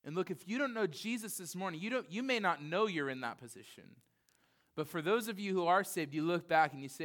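A man in his thirties with a voice pitched somewhat high for a man preaches a relaxed, conversational sermon. He drops in casual asides, then presses into earnest, emphatic points. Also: a little fast. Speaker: pastor.

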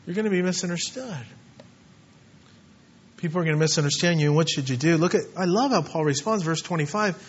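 A man preaching a sermon with passion, now and then mimicking doubters in quick asides. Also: on the high side, slightly rough, dull audio.

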